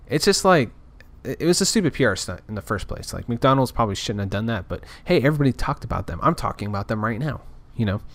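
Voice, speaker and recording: A man's voice: medium pitch, very animated, quick pace, few pauses, a bit bright, dry recording. A man talking in a casual, rambling rant, frustrated and full of restarts. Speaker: podcaster. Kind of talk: casual ranting monologue.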